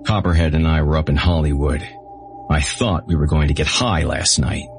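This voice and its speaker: A deep-voiced man voicing a brash, bossy young man who mocks and orders others around. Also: normal speed, faint music behind. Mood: taunting.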